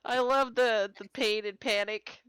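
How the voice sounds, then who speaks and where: A woman's voice: fairly high pitch, steady tone, a little slow, fairly bright tone, clean tone, no echo, rough recording. A woman in a casual group chat on a live stream who giggles through her enthusiastic comments.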